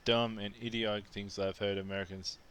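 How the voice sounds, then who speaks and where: Blunt, low-voiced Aussie vlogger. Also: male voice, flat delivery, fairly quick, fairly bright tone, a little hiss or hum. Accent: Australian. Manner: blunt, exasperated, frequent restarts. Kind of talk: casual storytelling rant.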